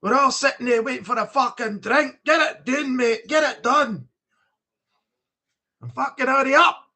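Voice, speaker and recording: A British man putting on an impatient, rowdy male pub drinker, loud, sweary and badgering. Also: extremely high pitch, moderate pace, pitched above the performer's own voice, exaggerated voice.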